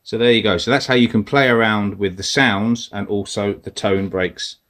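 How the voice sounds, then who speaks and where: A man's voice: fairly low pitch, moderate pace, very noisy. A man casually walking through device settings step by step, talking as he presses buttons. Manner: relaxed, explains step by step while pressing buttons. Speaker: metal detecting tutorial host. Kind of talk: casual instructional walkthrough.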